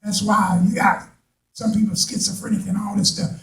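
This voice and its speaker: Impassioned high-voiced preacher in echoey church. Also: male voice, steady tone, normal speed. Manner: impassioned, rising to shouts, folksy Southern turns of phrase. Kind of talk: preaching a sermon with congregation responses. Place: church sanctuary. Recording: echoey hall, voice from a distance.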